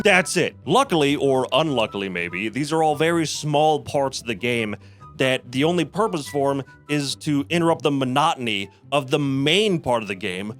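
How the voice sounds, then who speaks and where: A man's voice: mid-range voice, expressive, moderate pace, a bit bright, faint music behind. A man giving a sarcastic, profane, exasperated review of a video game.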